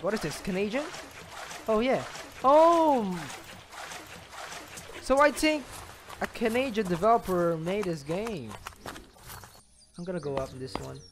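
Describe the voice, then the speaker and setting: A young man playing a video game alone, reacting out loud and chatting to the characters on screen. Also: high-pitched, slight background noise. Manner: excitable, talks to the game characters, laughs often. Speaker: gaming channel host. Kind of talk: solo let's play commentary.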